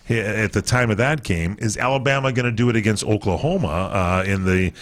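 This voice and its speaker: Rambling low-voiced sports radio man. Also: fairly quick, fairly bright tone. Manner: rambling, many fillers, reads list items. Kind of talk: casual sports talk radio.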